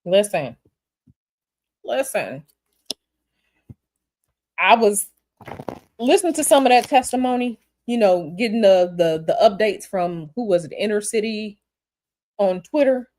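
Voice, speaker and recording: A woman reading tarot on a livestream, answering viewer questions in a blunt, animated, repetitive way. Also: mid-range voice, measured pace, long pauses, a little hiss or hum. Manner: blunt, animated, repeats herself. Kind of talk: casual livestream chat.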